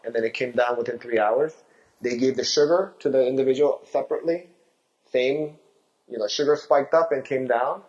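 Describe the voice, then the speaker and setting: A man's voice: mid-range voice, lo-fi sound. A male physician giving a health talk, explaining diet with rhetorical questions.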